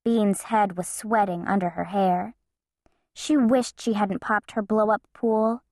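A woman narrating a children's storybook in an expressive, playful way. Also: mid-range voice, measured pace, dry recording, studio quality. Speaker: audiobook narrator.

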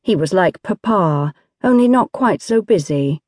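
With a medium-pitched voice, a woman narrates an audiobook from a script, reading in a measured and expressive manner. The recording is studio quality with no echo.

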